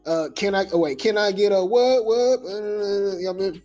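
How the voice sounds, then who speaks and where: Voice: medium pitch, moderate pace, a little mellow, faint music behind. A gossip news host talking loosely in slang, full of fillers and restarts. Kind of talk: casual gossip commentary.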